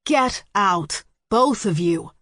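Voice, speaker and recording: A fed-up eldest sister snapping orders in a raised, forceful voice, as a woman puts her on. Audiobook sound, dry and close. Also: medium pitch, expressive, takes it slowly, no room sound. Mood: furious. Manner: barking orders, loud. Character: bossy, furious eldest sister.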